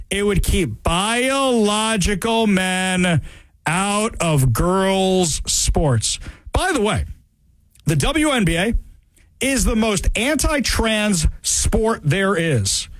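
Sarcastic, animated high-pitched man. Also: no echo. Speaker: talk show host. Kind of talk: opinionated monologue.

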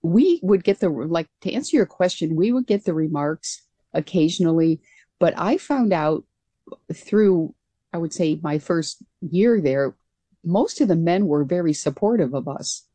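A woman guest on a radio interview recalls her time as a military pilot in an earnest, reflective way. Her voice sits fairly low with a soft, mellow tone. The sound is close and dry. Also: lively intonation, measured pace, no echo.

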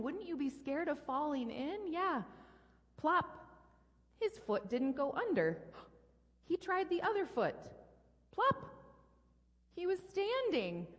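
Female pastor, animated kids' story reading, long hall echo. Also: high voice. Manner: animated, playful sound effects for a child. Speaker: pastor leading a children's message. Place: church sanctuary. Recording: long reverb in a large hall.

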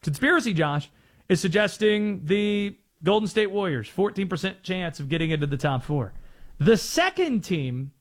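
Lively sports radio host, high voice. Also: male voice. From North Carolina. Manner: conversational, explanatory.

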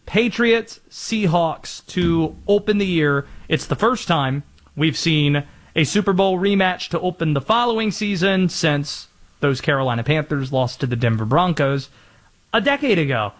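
A man's voice: a little high, expressive, measured pace. A man hosting a sports talk show, laying out the schedule news and pushing back confidently in debate.

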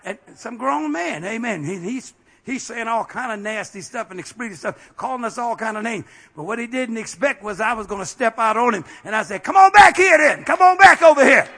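A middle-aged male pastor preaching a fervent sermon, peppering his phrases with amen and building up to shouts. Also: high-pitched, a little fast.

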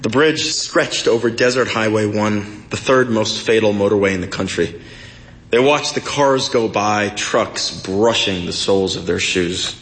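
A man reading a literary short story aloud in a measured, expressive storytelling manner. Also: on the low side, a little hiss or hum, low-quality recording. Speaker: story reader.

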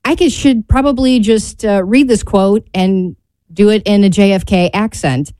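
Mellow-voiced chatty woman co-host. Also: medium pitch, moderate pace, no room sound. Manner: chatty and lighthearted. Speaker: radio co-host. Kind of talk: casual chat.

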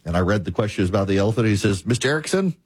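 A male talk show host telling a story and giving commentary in a measured, repetitive cadence. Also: low-pitched, steady tone, a little mellow, husky, no echo.

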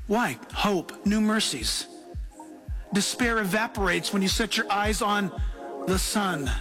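A man preaching a sermon as pastor, telling stories with laughing, animated asides. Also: high-pitched, slow, soft background music.

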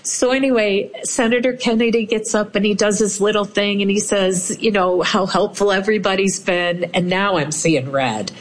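A woman telling a personal story in a lively way, acting out the voices of the people she quotes. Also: medium pitch, moderate pace, hardly any pauses. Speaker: storyteller recounting her experience.

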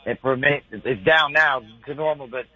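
Fast, excitable slangy male radio caller. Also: mid-range voice, breathy edge, no echo, lo-fi sound. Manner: excitable, slangy, rambling with lots of "bro" and "like". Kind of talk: casual call-in chat.

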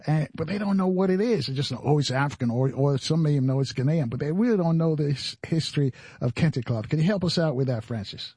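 A man's voice: a little high, lively intonation, quick pace, hardly any pauses, warm tone, slightly rough, no room sound, studio quality. A man from the United States hosting a radio interview, asking questions casually with many fillers and restarts. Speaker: radio host.

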